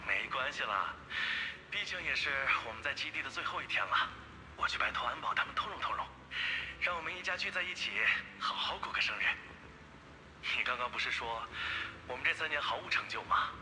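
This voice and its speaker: An actor playing a devoted young father and base scientist, gentle and reassuring but urgent in a crisis. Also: mid-range voice, lively intonation, a little fast, slight background noise. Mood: tender. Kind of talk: dubbed game cutscene acting.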